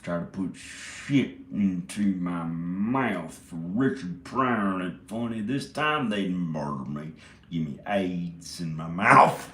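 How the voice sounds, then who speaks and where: Brief: a man rambling slowly to himself in a solo vlog, recorded in an echoey room. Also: deep voice, bright, forceful tone. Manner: muttering to himself, meandering. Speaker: vlogger.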